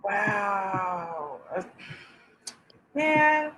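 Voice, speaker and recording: A woman co-hosting a casual reaction show, chatty and thinking things through out loud. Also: mid-range voice, very animated, extremely slow, slightly rough, poor audio. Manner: chatty, reasoning aloud, laughs often.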